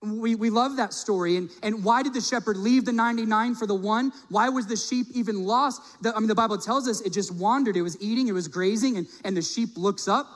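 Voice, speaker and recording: A middle-aged male pastor telling a personal story in a sermon, animated, acting out the people he quotes. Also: sits high, fairly quick, hardly any pauses. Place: church sanctuary. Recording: long reverb of a large hall.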